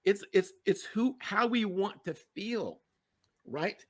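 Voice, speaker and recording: A middle-aged man with a fairly high voice, a success coach appearing as a podcast guest, tells a personal story earnestly and emotionally. He speaks slowly and expressively, often doubling back to repeat words for emphasis.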